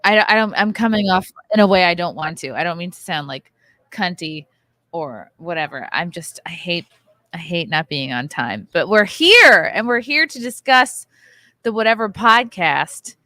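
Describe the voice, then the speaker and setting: A woman in her thirties hosts a casual podcast chat and rants through her story with plenty of swearing. Her voice is bright and sharp, and the sound is close and dry with no room echo. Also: medium pitch, big pitch swings, normal speed. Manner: profane, ranting storyteller. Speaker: podcast host. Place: hotel bar.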